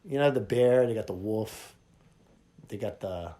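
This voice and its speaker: A man hosting a podcast, telling a funny story in a casual, animated way and acting out both sides of a conversation. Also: lowish voice, unhurried. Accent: Hawaiian. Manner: animated, jumps between loud and quiet, acts out dialogue. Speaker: podcast host.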